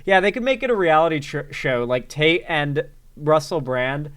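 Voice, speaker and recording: A man's voice: a little high, lively intonation, moderate pace, a bit bright, clear, resonant tone. A man hosting casual reaction commentary in a sarcastic, rambling way. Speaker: commentary host.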